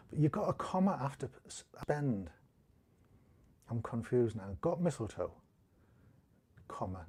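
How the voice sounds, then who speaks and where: A man's voice: medium pitch, warm tone. A man with a Teesside accent from northeast England, teaching a casual live-streamed guitar lesson, chatting and thinking aloud, with a self-deprecating manner. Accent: Teesside English.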